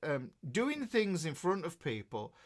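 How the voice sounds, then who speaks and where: A man's voice: on the high side, wildly swooping pitch, unhurried. A middle-aged man with a Yorkshire accent, a guitar teacher chatting casually and rambling as he reads out live chat messages, full of fillers and restarts. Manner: chatty and rambling, with many fillers and self-interruptions.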